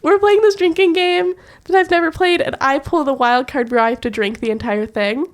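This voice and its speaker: A woman's voice: high voice, fairly quick. A woman co-hosting a podcast, chatting casually and telling stories with frequent giggles. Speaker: podcast co-host. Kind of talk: casual chat.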